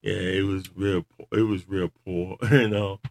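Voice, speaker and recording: A man chatting casually in loose grammar, rambling and laughing often as he tells animated stories. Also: sits low, a little slow, gravelly. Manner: animated storyteller. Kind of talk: casual chat watching wrestling.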